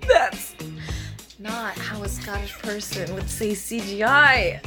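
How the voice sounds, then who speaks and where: A woman co-hosting a casual chat, teasing and emphatic, quick with reactions. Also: mid-range voice, over music. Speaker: podcast co-host.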